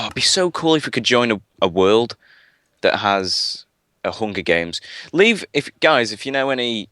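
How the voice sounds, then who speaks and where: A man's voice: lowish voice, fairly bright tone, smooth, no room sound. A man chatting casually on a gaming live stream, rambling with lots of fillers and restarts. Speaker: guest gamer.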